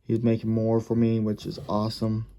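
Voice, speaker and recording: Dark-voiced man rambling through a hobby review. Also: on the low side, monotone, normal speed. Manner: rambling, self-correcting, thinking aloud. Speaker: diecast collector reviewing a model car.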